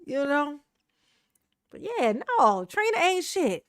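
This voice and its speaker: A woman's voice: high voice, very animated, slow, no echo, studio quality. A woman doing brash, laughing, trash-talking commentary on a live stream.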